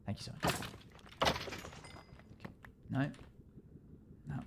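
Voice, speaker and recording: A man streaming a game live, chatting casually and jokily with sudden loud playful yells. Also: slow, very noisy. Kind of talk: casual live-stream chat while gaming.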